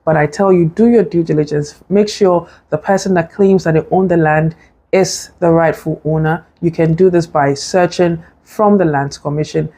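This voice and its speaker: A woman's voice: lowish voice, mellow, husky. A woman, a property advisor telling a story and giving earnest, instructive advice. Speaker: real estate advisor. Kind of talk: advice talk to camera.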